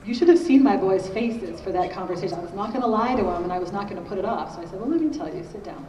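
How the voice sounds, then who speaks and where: A woman's voice: medium pitch, racing, dark tone. A middle-aged woman giving a conversational conference talk on parenting, often checking in with her audience by asking "okay?". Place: large conference hall. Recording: echoey hall, distant mic, faint noise.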